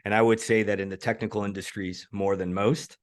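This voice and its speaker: A man hosting an interview show in a casual, animated way, often restarting his sentences. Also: a little fast. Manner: animated, swooping pitch, frequent self-restarts. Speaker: podcast host.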